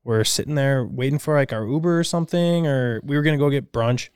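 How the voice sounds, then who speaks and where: A man's voice: medium pitch, a little fast, a little mellow, smooth, dry recording, clean studio sound. A young man, co-hosting a casual chat, telling stories with laughs and casual swearing. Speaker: podcast co-host.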